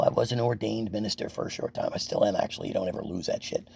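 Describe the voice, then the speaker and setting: A man's voice: on the low side, wildly swooping pitch, racing, vocal fry, hardly any pauses, darkish tone, a little hiss or hum. A man delivering an angry, profane, rambling political rant to his viewers, with lots of restarts. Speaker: First Amendment auditor vlogger.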